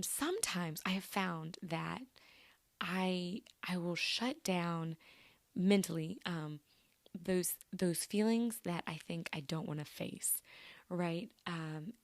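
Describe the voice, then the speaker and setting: A woman's voice: lowish voice, unhurried, creaky, no echo. A young woman hosting a solo podcast, talking earnestly and casually with many fillers and restarts. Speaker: podcast host. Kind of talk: reflective solo podcast talk.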